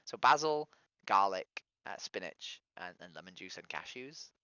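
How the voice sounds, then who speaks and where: A young British man chats easily on a video call and goes into detail as he explains. His voice is very low, and the call audio is dull and lo-fi. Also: moderate pace, clear, resonant tone. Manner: relaxed, chatty, likes to explain recipes. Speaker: stranger on a video chat. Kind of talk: casual chat.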